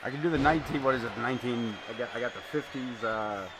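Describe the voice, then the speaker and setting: A man streaming live, calling wrestling play-by-play and chatting casually in an excitable, rambling way, swearing now and then. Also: medium pitch, fast talker, background noise. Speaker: streamer commentating a wrestling game. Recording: music playing behind.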